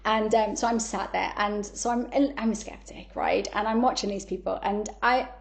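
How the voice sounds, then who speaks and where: A woman, a podcast guest telling stories in a candid, animated way, blunt and swearing freely. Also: mid-range voice, normal speed, creaky. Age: 30s. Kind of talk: candid conversational storytelling.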